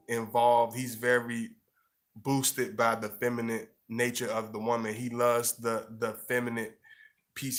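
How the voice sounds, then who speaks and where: A man's voice: mid-range voice, a bit bright. A man giving casual relationship advice to camera, rambling with lots of fillers and repeats. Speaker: relationship and astrology advice vlogger.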